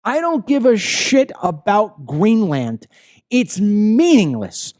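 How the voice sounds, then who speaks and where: A man's voice: high-pitched, wildly swooping pitch, slow, darkish tone. A man hosting a political commentary show, ranting heatedly with frequent profanity and stammering when worked up. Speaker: host.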